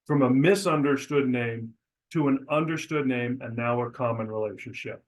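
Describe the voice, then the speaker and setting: A man's voice: moderate pace, low-quality recording. A middle-aged man, a real estate broker, teaching agents how to introduce themselves at the door, acting out sample lines as he goes. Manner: coaching, demonstrates scripts aloud with pitch changes. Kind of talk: instructional talk.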